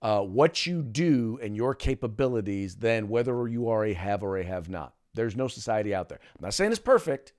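A man's voice: fairly low pitch, very animated, brisk, hardly any pauses, a little mellow. A man hosting a podcast in casual political commentary, making emphatic points with many "uh" fillers and restarts. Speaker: podcast host.

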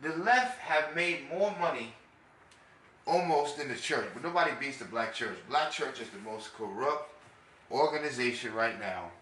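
A brash man with a New York accent rambles through a casual podcast monologue in a bright, forceful voice. He talks loosely and crudely, and an echoey room with faint ambience sits behind him. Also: mid-range voice, lively intonation, normal speed, slight background noise. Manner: brash, rambling and profane, with frequent laughs. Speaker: podcast host.

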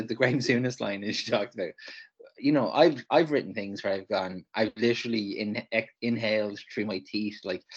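Man, podcast co-host, husky, lowish voice, emphatic casual explaining. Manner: emphatic, explanatory, checks in with "right?" and "okay?". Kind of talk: casual chat.

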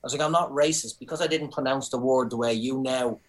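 Animated Irish man telling stories. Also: mid-range voice, quick pace. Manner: animated, swearing, storytelling with indignant asides. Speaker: comedian guest. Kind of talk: casual podcast chat.

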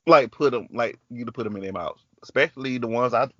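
This is a fast-talking male podcast host with a Southern US country accent, his medium-pitched voice a bit bright. He tells a story in casual chat, slipping into quoted voices. There's no room sound, but the recording is muffled.

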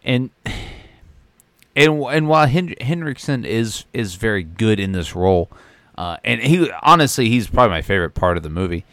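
A man's voice: on the low side, expressive, moderate pace, fairly bright tone, dry recording. A man co-hosting a movie podcast, rambling in casual review chat with frequent restarts and swearing. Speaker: podcast co-host.

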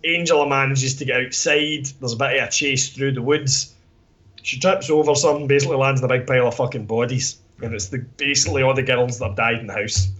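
A man's voice: medium pitch, steady tone, fast talker, fairly bright tone. A Scottish man co-hosting a podcast, giving a rambling, sweary plot recap full of fillers. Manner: rambling, sweary, lots of "kinda" and "basically". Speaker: podcast co-host reviewing a film.

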